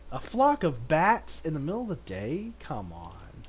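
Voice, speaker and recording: A man with a fairly high, husky voice streams a video game, talking casually and a little slowly. He reads the game's text aloud and now and then bursts into sudden excitement.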